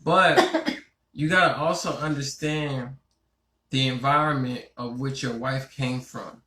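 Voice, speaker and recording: A man co-hosting a casual talk show, relaxed and easygoing, with many filler phrases. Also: medium pitch, takes it slowly, reverberant. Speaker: podcast co-host. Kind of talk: casual chat.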